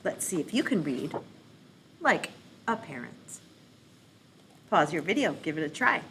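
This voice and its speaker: There's a little hiss or hum behind this deep-voiced woman, a children's librarian and adult parent leading a playful read-aloud for kids. She speaks a little slowly, staying animated, goofy and encouraging.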